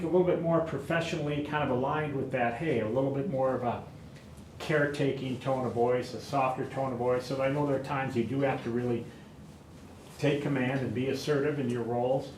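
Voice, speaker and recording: A man giving a conversational lecture on crisis work, relaxed and anecdotal with frequent asides. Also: mid-range voice, slight background noise. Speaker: crisis intervention trainer. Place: training room. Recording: echoey room.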